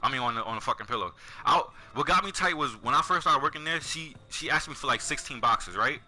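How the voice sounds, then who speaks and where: A young man chatting casually over a game stream, telling profane, animated stories. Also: medium pitch, fast. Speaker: gaming streamer. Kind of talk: casual chat over gameplay.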